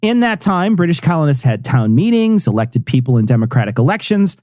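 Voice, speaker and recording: A man's voice: fairly high pitch, big pitch swings, a little fast, darkish tone, no echo, studio quality. A man co-hosting a comedy history podcast, explaining events with jokes and frequent laughs. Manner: joking, laughs often. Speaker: podcast co-host.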